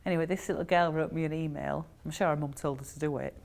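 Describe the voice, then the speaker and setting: A woman's voice: deep voice, fairly even intonation, fast, creaky, darkish tone. A woman, a therapist giving a chatty storytelling talk to an audience, with frequent ums.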